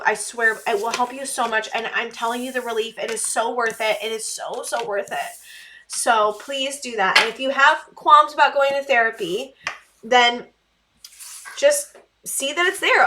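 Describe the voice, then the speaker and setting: Woman tarot reader, fairly high and bright, earnest and pleading, repeats herself, lots of fillers. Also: a little hiss or hum. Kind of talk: casual tarot reading to camera.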